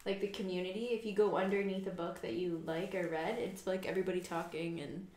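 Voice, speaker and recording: A woman's voice: on the low side, fairly even intonation, fairly quick, darkish tone. Woman, casual podcast chat, filler-heavy, laughing, echoey room. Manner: chatty, says "like" a lot, laughs often. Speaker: podcast co-host. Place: quiet room at home.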